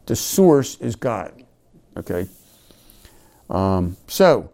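Mellow-voiced man teaching scripture. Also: mid-range voice, gravelly. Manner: conversational, checks in with "right?", reads verses with emphasis. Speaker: Bible teacher. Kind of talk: informal Bible study teaching.

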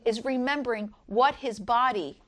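A middle-aged woman speaks earnestly at an Easter devotional, reading scripture aloud and sharing stories. Her voice sits slightly higher than most. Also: moderate pace. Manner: earnest, rises high when voicing others.

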